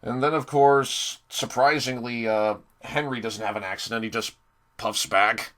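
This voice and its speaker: A young man giving a casual spoken episode review, sarcastic and exasperated, often pausing and restarting. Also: mid-range voice, fairly even intonation, a bit bright. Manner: hesitant, many fillers and restarts.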